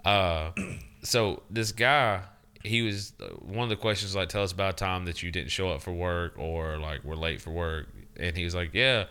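A man with a low, smooth and very bright voice chats on a podcast. He rambles through stories, swearing often and poking fun at himself. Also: moderate pace. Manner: rambling, swears a lot, self-deprecating. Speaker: podcast co-host. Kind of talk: casual profane chat.

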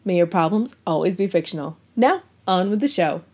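A woman co-hosting a book podcast, reading the intro and chatting in a relaxed, friendly way. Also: fairly low pitch, a little fast, breathy edge. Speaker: podcast co-host.

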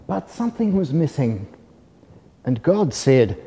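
A long hall reverb lingers after each phrase as a man reads a children's storybook aloud. He speaks at medium pitch, expressive yet soft, gentle and measured, with a mellow, dark tone.

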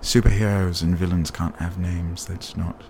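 A man doing an impression of a self-serious male film director, speaking low and quietly in a solemn, dismissive tone. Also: steady tone, normal speed, crowd noise.

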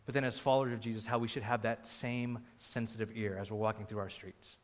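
A young man preaching a sermon in an animated way, acting out the crowd's voices and raising his voice for emphasis. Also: fairly low pitch, fast talker. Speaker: pastor.

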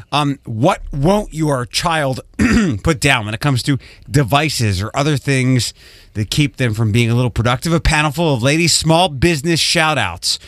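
A man's voice: mid-range voice, a bit bright, no room sound. Teasing male radio host. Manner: dry teasing banter. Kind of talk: radio show chat. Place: radio studio.

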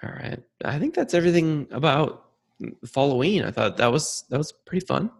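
Easygoing man with a gravelly, husky voice. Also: on the high side, very animated, moderate pace. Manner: easygoing, chatty, trails off mid-thought. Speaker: podcast co-host. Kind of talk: casual sports podcast chat.

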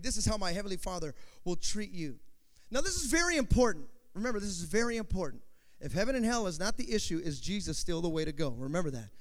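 A male pastor preaching a sermon, talking straight to the congregation and swinging from loud bursts to hushed asides. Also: sits high. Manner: talks to the congregation directly.

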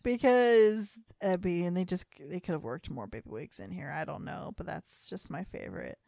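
A woman's voice: on the low side, animated, normal speed, vocal fry, darkish tone, dry recording, studio quality. A woman co-hosting a podcast in casual chat, rambling and hesitating as she talks about outfits. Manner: rambling, hesitant, many fillers and laughs. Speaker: podcast co-host.

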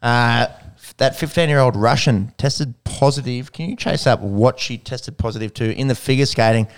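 A man's voice: medium pitch, moderate pace. A man hosting a casual sports podcast, jokey and swearing casually. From Australia. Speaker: podcast host.

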